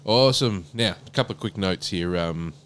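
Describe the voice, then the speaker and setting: Relaxed low-voiced Australian podcast man. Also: normal speed. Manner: laid-back, laughs often. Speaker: podcast co-host. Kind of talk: casual chat. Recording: podcast mic in a small room with a humming air conditioner.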